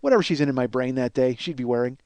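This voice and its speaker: A man in his forties hosting a podcast and telling a comic story, profane and self-mocking, and he gets loud and worked up. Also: mid-range voice, lively intonation, very fast, no echo. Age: 40s. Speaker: podcast host.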